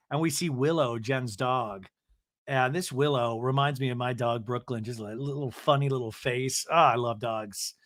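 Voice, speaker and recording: A man's voice: on the high side, sharp tone, dry recording, clean studio sound. A man hosting a podcast, chatting casually through a recap with playful asides. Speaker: podcast host.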